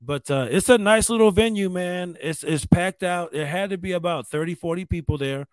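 A man's voice: sits high, moderate pace, clean tone, no echo. A man who works as a comedian, telling a casual story in a rambling way, with lots of swearing, restarts and fillers.

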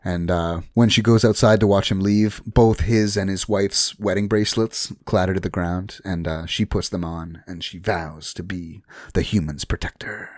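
A man's voice: sits low, normal speed, hardly any pauses, no room sound, clean studio sound. A man co-hosting a casual podcast, recapping a show scene by scene and acting out the lines as he goes. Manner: animated storyteller acting out lines, swearing. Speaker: podcast co-host.

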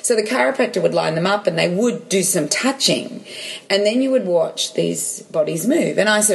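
A woman's voice: mid-range voice, expressive, moderate pace, gravelly. A woman chatting and telling a personal story, full of restarts and quoted dialogue. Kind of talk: casual chat, personal story.

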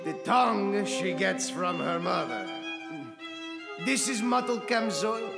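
A man's voice: high-pitched, animated, takes it slowly, creaky, exaggerated voice. An actor playing a wry, fatherly older village milkman, telling a story in a dry manner. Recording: cast album with reverb, violin music.

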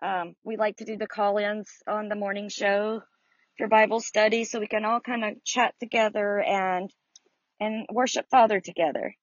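A woman's voice: medium pitch, fairly even intonation, moderate pace, no echo. Chatty woman hosting a Bible study. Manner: chatty and welcoming, greeting listeners by name. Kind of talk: casual chat. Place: outdoors in the sun. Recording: dry, slightly dull lo-fi audio.

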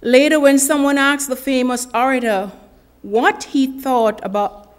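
A woman giving a sermon to a church women's ministry, telling an illustration in a slow, deliberate, earnest way with dramatic pauses. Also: fairly high pitch. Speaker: speaker at a women's ministry gathering.

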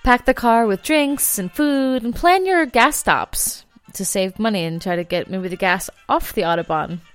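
A woman's voice: mid-range voice, normal speed, clear, resonant tone, soft background music. A woman hosting a casual travel vlog, chatty and self-deprecating, laughing easily. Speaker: vlog host.

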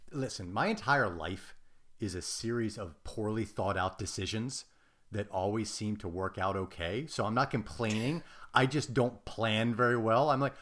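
A man's voice: on the low side, a bit bright. American guy on a podcast, laid back storyteller, pokes fun at himself. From United States. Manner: self-deprecating storyteller, quick asides. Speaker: podcast guest. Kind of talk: casual chat.

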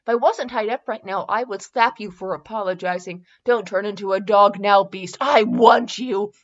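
A woman's voice: medium pitch, normal speed, lo-fi sound, close to an everyday voice. A woman voicing a brazen young heroine. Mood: bold. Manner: brazen, teasing delivery. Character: bold, eager young heroine, teasing and forward.

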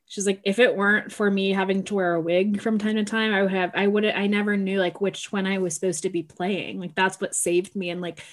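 A relaxed woman co-hosting a podcast, chatting casually. She jokes easily and drops in quoted asides. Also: mid-range voice, fairly quick, hardly any pauses. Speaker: podcast co-host. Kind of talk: casual chat.

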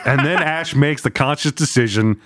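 A man's voice: medium pitch, normal speed, fairly bright tone, no echo, clean studio sound. A man co-hosting a podcast in casual chat, making sardonic comments. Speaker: podcast co-host.

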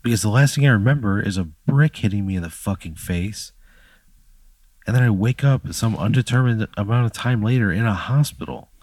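A man with a low, deep voice plays along in an improvised comic scenario, reacting with exasperation and frequent cursing. The sound is dry and close. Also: brisk, darkish tone, no room sound. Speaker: podcast co-host playing along. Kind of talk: improvised comedic role-play.

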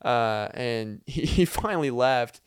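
A man's voice: medium pitch, animated, takes it slowly, clean tone, no echo, studio quality. A young man hosting a podcast, telling a rambling comedic story full of fillers and little laughs. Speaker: podcast host.

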